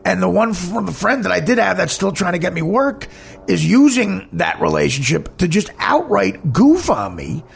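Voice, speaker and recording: A man's voice: sits high, big pitch swings, moderate pace, creaky, husky. A man, a comedian hosting a podcast, telling a candid personal story in a blunt, emphatic, heated way.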